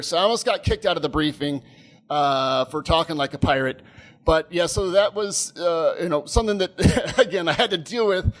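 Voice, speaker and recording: A man in his thirties, a podcast co-host, telling a rambling, animated story with frequent laughs. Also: high voice, brisk. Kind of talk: casual storytelling chat.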